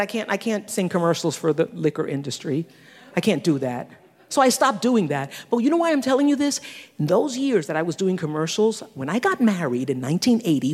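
A woman in her sixties preaching a sermon, animated, with teasing asides and laughter. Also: lowish voice, breathy edge. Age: 60s. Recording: long hall reverb.

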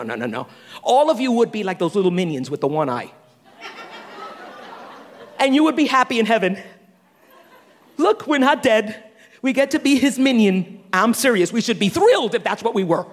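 A middle-aged woman giving a sermon testimony in a church, animated, humorous and self-deprecating. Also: medium pitch, long reverb tail. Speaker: church speaker.

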